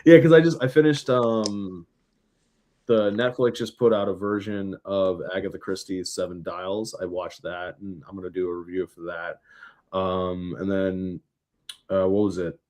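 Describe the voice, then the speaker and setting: A man co-hosting a sports podcast in casual chat, relaxed and hesitant, chuckling often. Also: sits low, normal speed. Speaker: podcast co-host.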